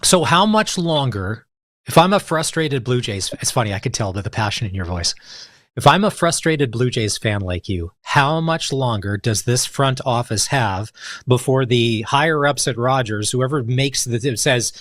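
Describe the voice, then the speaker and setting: A man's voice: mid-range voice, animated, normal speed, fairly bright tone, no room sound. Man, sports radio host, easy conversational questioner, dead-dry studio sound.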